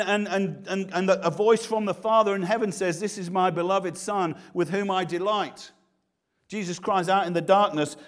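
High-voiced man preaching a sermon. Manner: earnest, with frequent restarts and repeated words.

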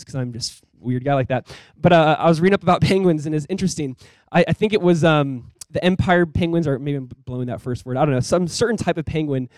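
A male pastor in his thirties preaching a sermon in a conversational, animated way, with quick asides. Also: a little high, no room sound.

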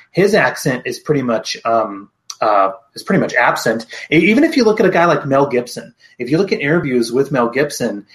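Man, podcast co-host, casual film chat, lively and drawn-out delivery. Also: medium pitch.

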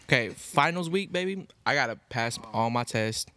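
A man's voice: medium pitch, lively intonation, moderate pace, sharp tone. An eighteen-year-old man chatting casually with friends in a laid-back, slangy way. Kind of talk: casual chat among friends.

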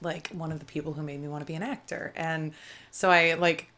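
A woman's voice: low-pitched, fairly even intonation, fairly quick, a bit bright. Chatty woman telling a rambling story. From United States. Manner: rambling, many fillers, laughs while telling. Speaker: guest, actor. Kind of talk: casual storytelling chat.

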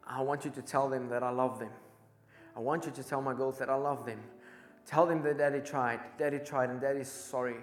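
A man's voice: mid-range voice, fairly even intonation, a little fast, natural voice. A man voicing a badly wounded young soldier and father who pleads and repeats himself, in an echoey church hall. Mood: pleading.

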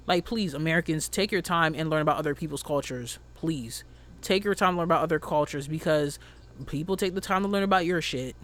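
A man chatting casually as a podcast co-host, animated and emphatic, with a slangy, ranting manner. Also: fairly high pitch, brisk. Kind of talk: casual chat.

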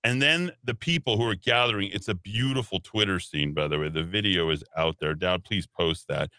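A man hosting a talk radio show, giving opinionated commentary in an animated, sarcastic, rambling way. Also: deep voice, fairly quick, no room sound. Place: radio studio.

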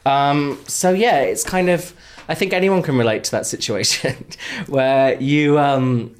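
A man's voice: on the high side, a little hiss or hum. A man in his thirties with a Geordie accent, co-hosting a comedy podcast in giggly, rambling casual chat. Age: 30s. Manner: giggly, rambling, quick asides. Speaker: podcast co-host.

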